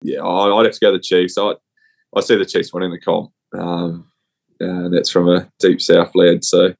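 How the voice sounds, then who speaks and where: Laid-back Kiwi man with a cold, deep flat voice. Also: normal speed, vocal fry. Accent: New Zealand. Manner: laid-back, rambling, slangy. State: has a cold. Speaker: rugby player guest. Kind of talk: casual chat.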